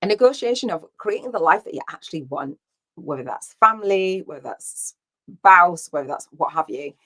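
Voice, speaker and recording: A woman with a low voice talks through a casual solo podcast episode. She rambles from thought to thought with plenty of ums and acted-out bits of dialogue, speaking at an easy conversational pace. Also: a bit bright. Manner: rambling, storytelling with quoted dialogue and fillers. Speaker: podcast host.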